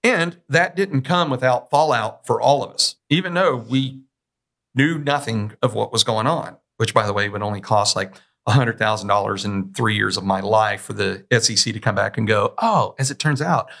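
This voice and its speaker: A man's voice: on the low side, normal speed, vocal fry, fairly bright tone. A male podcast host and Marine veteran in a casual interview, telling long anecdotes and acting out other people's words. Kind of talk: conversational interview.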